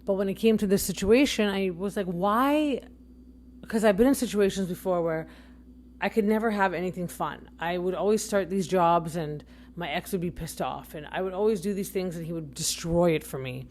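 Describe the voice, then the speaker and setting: Chatty woman with a low voice. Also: a little fast, darkish tone, slight background noise. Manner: chatty, rambling, frequent self-corrections. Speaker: podcast host. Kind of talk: casual opinion commentary.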